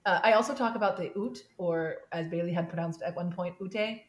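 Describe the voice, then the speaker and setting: A woman with a fairly low voice chats casually as a podcast co-host. She giggles often and drifts into tangents, with a roomy echo around her. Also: fast. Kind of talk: casual chat.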